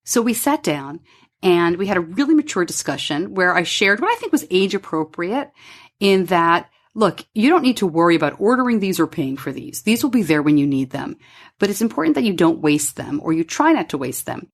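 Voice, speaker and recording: Middle-aged woman host, candid storyteller, lively swinging pitch, home studio. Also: a little fast. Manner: candid, animated, acts out quoted dialogue. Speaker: podcast host. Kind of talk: personal storytelling monologue.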